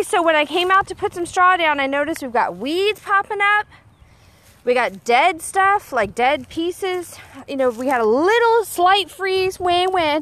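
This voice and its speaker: Chatty woman, high voice. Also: fairly bright tone. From Texas. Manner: chatty, bossy pep-talk, self-teasing. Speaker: homesteading vlogger. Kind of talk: casual gardening vlog. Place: outdoor garden.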